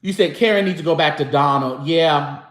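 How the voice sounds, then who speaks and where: High-voiced man chatting and singing. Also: moderate pace, reverberant. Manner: chatty, breaks into snatches of singing. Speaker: show host. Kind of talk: casual live-stream chat about gospel music.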